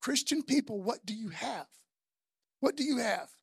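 A woman preaching a sermon, emphatic and repetitive, building from quiet to loud and passionate. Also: a little high, animated, moderate pace, gravelly, slightly rough, no room sound, clean studio sound.

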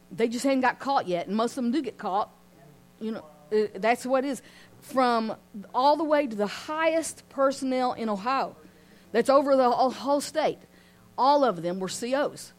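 Animated woman leading a Bible study. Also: on the high side. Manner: animated, asks the group questions, laughs often. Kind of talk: informal Bible study teaching.

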